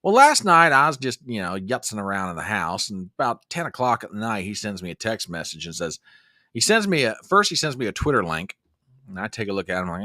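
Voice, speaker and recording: Animated folksy man hosting. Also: on the low side, fairly quick, no echo, clean studio sound. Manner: folksy, animated, reads chat comments aloud. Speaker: livestream host. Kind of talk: casual livestream chat.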